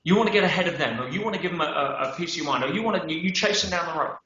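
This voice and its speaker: Emphatic, bright-voiced male podcast guest. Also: a little high, very fast. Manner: emphatic, animated storytelling with acted-out quotes; peppers speech with "yeah?" and "right?". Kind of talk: conversational interview. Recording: roomy, dull podcast audio.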